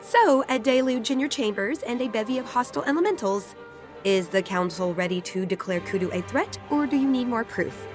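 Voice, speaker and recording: A woman's voice: on the high side, animated, a little fast, soft background music, close to an everyday voice. An actress playing a blunt, sardonic female mage ally in a video game, speaking in a dry, matter-of-fact way. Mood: wry.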